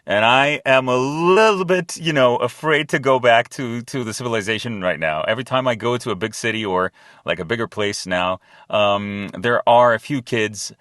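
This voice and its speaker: A man, a voice actor, chatting casually as a podcast guest, relaxed and quick to laugh. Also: medium pitch, no room sound, clean studio sound. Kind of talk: casual interview chat.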